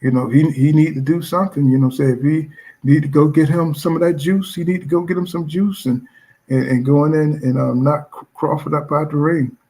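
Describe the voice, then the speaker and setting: A man's voice: a little high, steady tone, fairly quick, mellow. A man hosting his own boxing channel, chatting casually and bluntly as he reacts to viewer comments, repeating fillers like "you know what I'm saying". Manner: blunt and profane.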